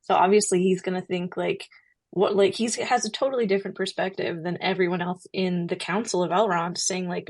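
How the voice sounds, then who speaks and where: A woman in a casual podcast discussion, talking in a relaxed way with many "like"s. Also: on the low side, moderate pace. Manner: relaxed, heavy use of "like". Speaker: podcast co-host.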